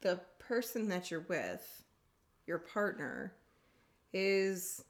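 A woman's voice: on the low side, lively intonation, drawn-out words. A woman co-hosting a podcast, telling stories in casual chat and laughing easily. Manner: chatty storyteller, laughs easily. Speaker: podcast co-host.

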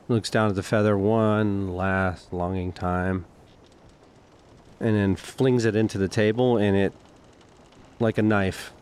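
Deep-voiced man running a tabletop game. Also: fairly even intonation, slow pace, long pauses, a little mellow, clean tone. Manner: descriptive, directing players. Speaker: game master.

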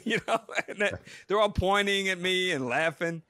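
A man's voice: sits high, normal speed, smooth, no echo, clean studio sound. A middle-aged man, a retired astronaut and co-host, telling stories animatedly in a casual podcast chat. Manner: animated storyteller, acts out quotes.

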